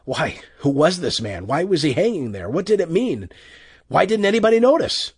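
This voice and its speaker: Expressive husky male audiobook narrator. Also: a little high, moderate pace, no echo, studio quality. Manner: expressive, tense storytelling.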